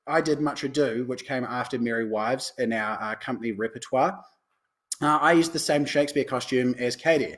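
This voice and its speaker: A man's voice: mid-range voice, a little fast. A male actor chatting casually on a live stream from home, answering viewers' questions with frequent fillers.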